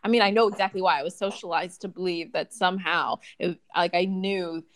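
A woman's voice: on the low side, fairly even intonation, brisk. A woman in casual conversation, telling personal stories expressively with laughing asides.

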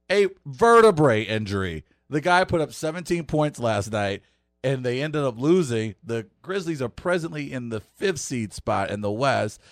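A man's voice: medium pitch, no echo. Man, sports talk host, laughs a lot, emphatic, dry close studio sound. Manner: laughs often, emphatic and animated. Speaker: radio show host.

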